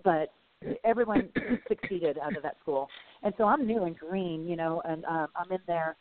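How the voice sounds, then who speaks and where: A woman guest in a casual interview, telling stories in a rambling, animated way. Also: fairly low pitch, moderate pace. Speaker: podcast guest. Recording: phone-like line with faint hiss.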